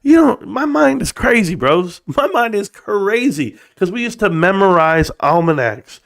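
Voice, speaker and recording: A man's voice: high voice, very animated, measured pace, vocal fry, a bit bright. A man hosting a casual live stream, rambling and joking in profane rants aimed at his viewers. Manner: addresses viewers as bro.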